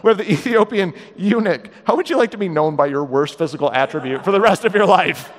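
A middle-aged man preaching a sermon in a church, telling stories in a comic, animated way and acting out the voices. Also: sits high, fast talker, big-room sound. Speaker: guest preacher. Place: church sanctuary.

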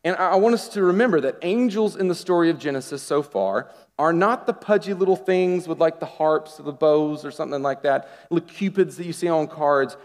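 A man delivers a sermon in a slightly high voice, chatty and animated, throwing rhetorical questions at his listeners. His voice rings out with the long reverb of a large church sanctuary. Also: a little fast, hardly any pauses. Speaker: pastor.

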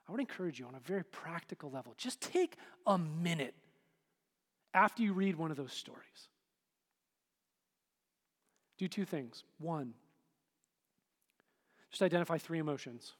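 A man preaching a sermon to a congregation in a relaxed, conversational way, full of fillers. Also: a little high. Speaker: pastor. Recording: hall reverb.

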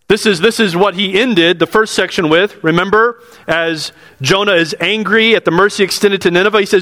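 With a somewhat high, slightly bright voice at normal speed, a male pastor delivers an earnest expository sermon. He repeats phrases and questions his congregation, and the recording has a long reverb from the hall.

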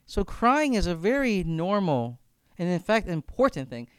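A man's voice: high voice, sing-song, a little slow, smooth, no room sound. A man leading a reflective faith discussion as campus minister, speaking earnestly and often repeating words as he thinks aloud.

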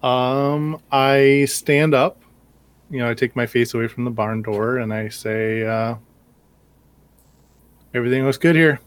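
A man's voice: medium pitch, little pitch movement, measured pace, clean tone, no room sound. A man playing in a tabletop game, speaking hesitantly and stumbling over his words. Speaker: player. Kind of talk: casual tabletop play.

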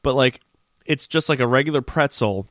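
A man's voice: medium pitch, moderate pace, fairly bright tone, dry recording, studio quality. Eager young man chatting about snacks. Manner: enthusiastic, searches for words. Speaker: podcast co-host. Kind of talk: casual chat.

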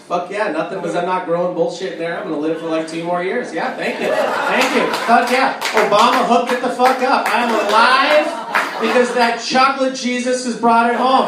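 A man doing a live stand-up set, ranting loudly and profanely on a club stage while the audience laughs. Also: extremely high pitch, noisy background. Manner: loud, profane, ranting delivery. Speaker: stand-up comedian. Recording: echoey club recording from a distance. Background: audience ambience and laughter.

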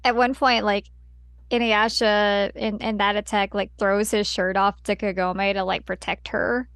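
A woman's voice: medium pitch, flat delivery, a little slow, a bit bright, clean tone, dry recording, clean studio sound. A woman chatting casually as a podcast co-host, chiming in with short reactions and laughs. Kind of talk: casual chat.

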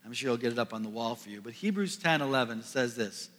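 A pastor from the Midwest preaching a sermon to a congregation, earnest, building to emphatic peaks and dropping soft. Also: male voice, medium pitch, lively intonation, fast. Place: church sanctuary. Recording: long reverb of a large hall.

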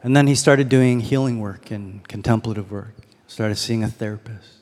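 A man's voice: on the low side, normal speed, darkish tone. A man giving a sermon as a pastor, in a casual storytelling manner that leans on rhetorical questions. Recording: long hall reverb.

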